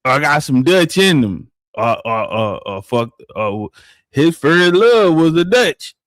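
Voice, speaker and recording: A man's voice: fairly high pitch, sing-song, fairly bright tone, dry recording. Rambling man on a stream, dry mic. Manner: loose rambling talk, reads aloud haltingly. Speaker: livestream co-host. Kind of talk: casual livestream chat.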